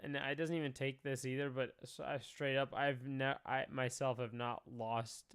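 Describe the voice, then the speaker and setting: A man's voice: medium pitch, level tone, normal speed, fairly bright tone, smooth, no echo, studio quality. A young man doing casual reaction commentary, talking emotionally, often sighing, swearing and trailing off. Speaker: commentary streamer.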